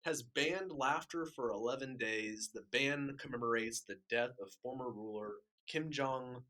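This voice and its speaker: A man's voice: medium pitch, normal speed, pushed and bright. A man with a Midwestern American accent, co-hosting a casual podcast, talking in a chatty way full of fillers. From Kansas City area, USA. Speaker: podcast co-host.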